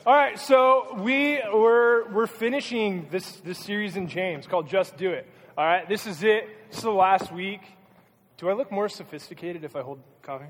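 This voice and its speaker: A man's voice: sits high, moderate pace, fairly bright tone. A young man preaching a casual, joking youth sermon as pastor. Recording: hall reverb.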